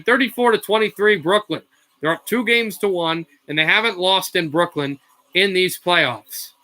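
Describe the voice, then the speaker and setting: A man calls a game play by play in a high voice with a sharp edge. He talks fast, stumbles and corrects himself, and shouts when someone scores. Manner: rapid call with slips and self-corrections, rising to shouts on scores. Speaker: play-by-play streamer. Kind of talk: amateur live play-by-play commentary.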